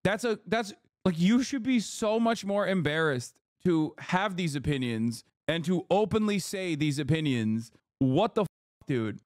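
A man in his thirties streams his reaction to a video, mocking it with profane sarcasm. His voice sits a little high for a man and sounds close and dry, with almost no room around it. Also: animated, a little slow, no room sound. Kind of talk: casual live-stream commentary.

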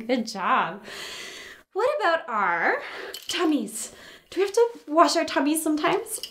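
A young Canadian woman leading a library class for toddlers and parents, singing and chatting in an animated sing-song way, a little out of breath. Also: sits high, takes it slowly, pauses often. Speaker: children's library class leader.

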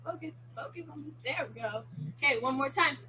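A woman's voice: high-pitched, a little fast, bright, forceful tone, slight background noise. A young woman teaching a virtual martial arts class to children, calling out punches in an upbeat way over a video call. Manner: upbeat, calls out moves to children. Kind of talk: virtual kids' class instruction.

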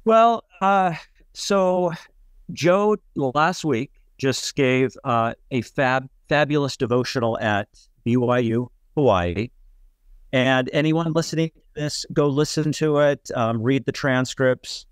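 Slow, smooth-voiced male interviewer. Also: mid-range voice, no room sound, studio quality. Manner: unhurried, encouraging. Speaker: co-host asking questions. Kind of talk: interview questions.

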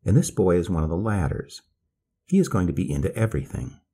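A man's voice: sits low, very animated, quick pace, vocal fry, dark tone, slightly rough, exaggerated voice. A man doing a polite drawling convict. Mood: calm polite. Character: soft-spoken drawling male escaped convict.

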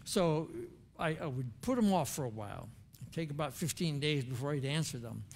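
A man's voice: fairly high pitch, lively intonation, moderate pace, creaky, slight background noise. An older man, a former chaplain, preaching a sermon in an earnest, conversational storytelling way with emphatic turns. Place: church sanctuary.

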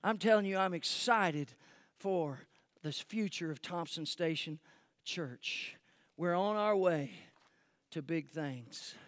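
A man preaching a sermon as pastor, swinging from shouted peaks to hushed, close asides. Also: on the high side, slow, no echo. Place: church sanctuary.

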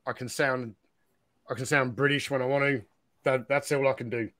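A man's voice: mid-range voice, steady tone, moderate pace, fairly bright tone. Laid-back man in casual chat.

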